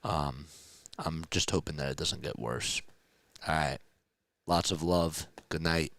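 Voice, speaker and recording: A man with a hoarse, strained voice calling a football game live as a fan play-by-play caster, rising to excited shouts before a casual sign-off. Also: a bass voice, a little slow, no echo. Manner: excited calls that rise to shouts.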